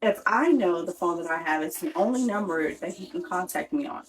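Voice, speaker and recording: A young woman vents about her week, frustrated and talking it through out loud. She keeps restarting her sentences and leans on "like" as she goes, all in a loose, everyday storytelling way. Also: on the low side, lively intonation, a little fast, poor audio. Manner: exasperated, talks in restarts with lots of "like". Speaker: vlogger telling a personal story. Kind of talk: casual storytelling rant.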